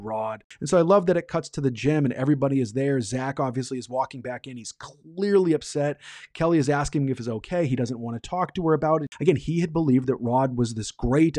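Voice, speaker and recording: A man's voice: mid-range voice, dark tone, no room sound, studio quality. A man in his forties hosting a podcast, recapping a TV episode with enthusiasm and acting out quoted lines. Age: 40s. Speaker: podcast host.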